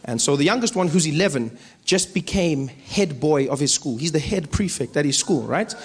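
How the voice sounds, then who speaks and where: A man doing stand-up comedy, telling a story with animated delivery and acting out other people's lines. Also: a little high, normal speed. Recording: hall reverb with audience noise.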